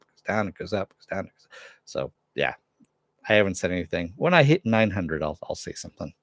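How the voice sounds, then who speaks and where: A man's voice: fairly low pitch, no room sound, studio quality. A man hosting his own review show, signing off in a rambling, offhand way with asides. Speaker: host. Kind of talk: casual review sign-off.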